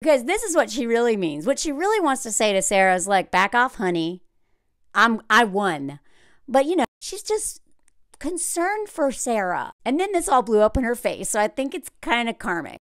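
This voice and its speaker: A sarcastic, animated woman, riffing on a reality show in a casual vlog. Her fairly high voice jumps all over in pitch, and the sound is close and dry. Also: a little fast, dry recording. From Southern United States. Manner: animated, sarcastic, frequent "like" fillers. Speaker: reality TV commentator.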